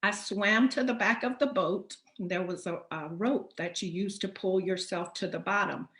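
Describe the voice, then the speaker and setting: Woman host, emphatic storyteller, mid-pitched, echoey room. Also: normal speed. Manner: animated, emphatic retelling. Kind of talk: personal storytelling. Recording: roomy echo.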